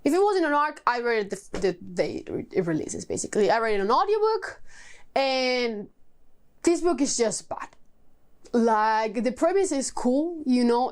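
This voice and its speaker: High-voiced exasperated young woman vlogger. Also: darkish tone. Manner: exasperated, swearing, sighing, emphatic repetition. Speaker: book vlogger. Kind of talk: casual book review vlog.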